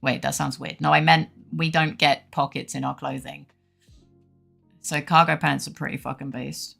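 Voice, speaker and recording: A woman's voice: deep voice, little pitch movement, moderate pace, vocal fry, fairly bright tone. A young woman streaming, chatting casually with viewers, laughing often and swearing freely while feeling a bit feverish. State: feverish, unwell. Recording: faint music behind.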